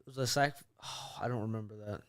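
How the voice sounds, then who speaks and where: A young man from Michigan rambles in an easygoing way as a podcast co-host, his speech full of fillers. His voice is smooth and clear and sits in a middle pitch. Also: fast talker, fairly bright tone. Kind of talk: casual chat.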